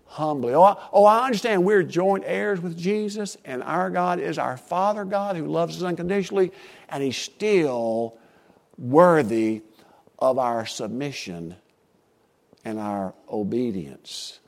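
An older man preaching a sermon as pastor, emphatic, dropping to a hush and rising to a boom, drawing out key words. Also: expressive, creaky. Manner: emphatic, swings between hushed and booming, drawn-out stressed words.

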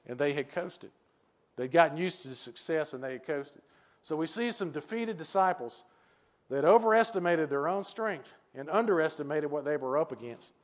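An older male preacher delivers an earnest sermon in a voice pitched a little high for a man. He doubles back on his key phrases and leans on rhetorical questions to drive each point home.

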